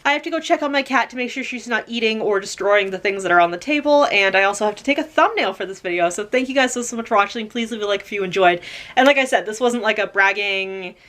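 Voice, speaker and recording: A woman's voice: mid-range voice, lively intonation, fast talker, a bit bright. A young woman chatting casually at home in a haul vlog, rambling with lots of fillers and casual swearing, recorded on a camera mic. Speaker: vlogger. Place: home room.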